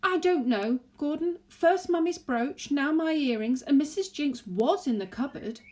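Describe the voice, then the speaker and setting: A shrieking, melodramatic mother, as a woman reading aloud puts her on. The voice shoots up high and loud, wailing over her troubles. It is a storybook read-aloud voice. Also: expressive, unhurried. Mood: fretful. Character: dramatic, shrill middle-aged mother, easily upset.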